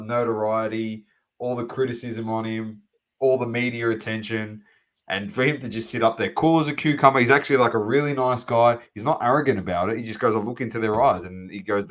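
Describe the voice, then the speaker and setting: A man's voice: medium pitch, fairly bright tone. An Australian man co-hosting a sports podcast, chatting casually in blunt, sweary slang. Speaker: podcast co-host.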